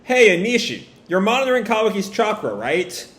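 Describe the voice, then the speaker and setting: A man's voice: high voice, very animated, fairly quick, fairly bright tone, pitched above the performer's own voice. A man voicing a stern adult village leader and father, giving firm commands. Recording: roomy echo.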